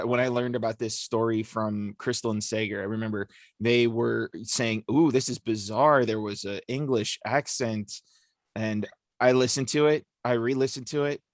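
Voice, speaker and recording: A man's voice: mid-range voice, no room sound, clean studio sound. A man co-hosting a casual discussion podcast, explaining at length with lots of fillers. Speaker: podcast co-host.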